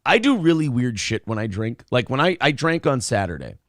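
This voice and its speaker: A man's voice: mid-range voice, a little fast, no echo, clean studio sound. A middle-aged man co-hosting a casual talk show, telling stories with lots of swearing. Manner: animated storytelling, swears freely. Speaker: podcast co-host. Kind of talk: casual chat.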